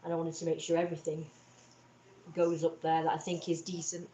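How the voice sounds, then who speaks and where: A young woman chats on a livestream in a fairly low voice. She rambles through long, upset retellings, stopping and restarting, and the room around her rings with echo. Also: completely flat delivery, a little fast, dark tone, slight background noise. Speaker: livestream host. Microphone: webcam or phone on a livestream.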